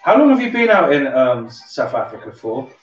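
Very animated at normal speed, a medium-pitched man with a light Somerset twang hosts a drink-along livestream. He chats casually, rambles and swears offhandedly. Music sits behind roomy, distant, dull sound.

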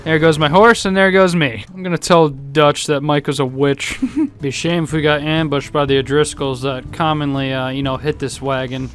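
High-voiced excitable young man gaming. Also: normal speed, soft background music. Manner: excitable, laughing, shouting reactions. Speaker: gaming YouTuber. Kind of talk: let's-play commentary.

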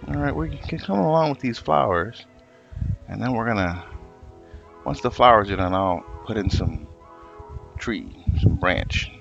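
A man streaming live as a comic artist, telling a rambling, profane, animated story while he paints. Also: fairly low pitch, a little slow, creaky, pauses often, dull audio, soft background music. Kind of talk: casual storytelling on a livestream.

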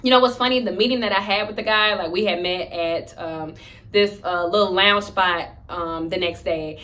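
A young woman casually telling a storytime vlog, animated and slangy, acting out the lines she quotes. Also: mid-range voice, moderate pace.

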